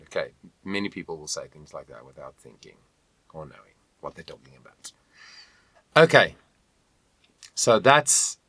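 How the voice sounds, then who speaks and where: A man's voice: fairly low pitch, fairly bright tone, breathy edge, dry recording. A man teaching an online singing lesson, encouraging and demonstrating with hums and sung lines. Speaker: voice coach.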